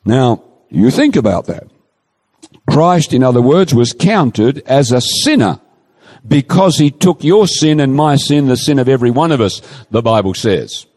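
A man preaching a sermon, quoting scripture with emphatic, pleading, drawn-out phrasing. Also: mid-range voice, big pitch swings, a little mellow. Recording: long hall reverb.

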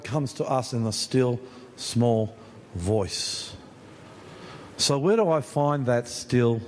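A man with an Australian accent preaching a sermon as pastor, dropping to a hush and rising again, repeating phrases for emphasis. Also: mid-range voice, a little hiss or hum. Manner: swings from hushed to rousing, repeats phrases for emphasis. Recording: echoey church hall with faint ambience.

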